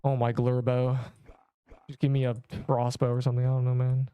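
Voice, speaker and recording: A man's voice: mid-range voice, monotone, a little fast, smooth, no room sound, muffled recording. A young man streaming a video game, chatting casually and rambling to his viewers. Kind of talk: casual live-stream commentary.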